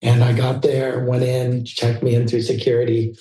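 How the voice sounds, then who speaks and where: Older male guest, mellow, animated storyteller; roomy room, distant mic. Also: moderate pace. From California. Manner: animated anecdotes, acts out quoted people in a higher voice. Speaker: guest, fashion photographer. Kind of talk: casual storytelling interview.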